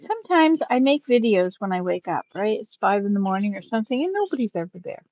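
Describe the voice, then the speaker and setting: A woman vlogger rambles chattily on a casual live-stream, filmed by phone in her outdoor garden with wind chimes, and often chuckles at herself. She speaks fast in a mid-range voice with big swings in pitch. The recording's highs are cut off.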